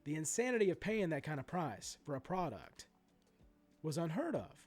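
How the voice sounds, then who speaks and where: A man's voice: fairly high pitch, normal speed, faint music behind. A man in his forties ranting in a vlog about sports card prices, swearing freely and going off on asides and restarts. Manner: animated, profane ranting with many asides and restarts. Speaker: sports card collector vlogger.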